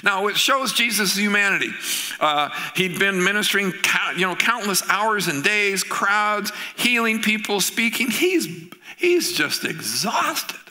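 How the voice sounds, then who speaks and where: In a church sermon, this middle-aged pastor animatedly tells stories and performs the voices of the people in them. He speaks in a high-pitched voice at a measured pace.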